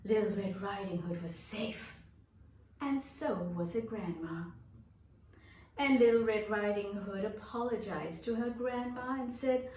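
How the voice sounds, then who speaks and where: A woman teacher telling a story to young children, slow, expressive and animated. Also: medium pitch, echoey room, far from the mic, a little hiss or hum.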